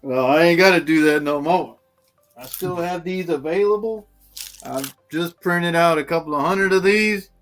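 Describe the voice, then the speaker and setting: A man's voice: on the high side, moderate pace, a bit bright, faint music behind. Teasing man laughing with friends. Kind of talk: casual chat.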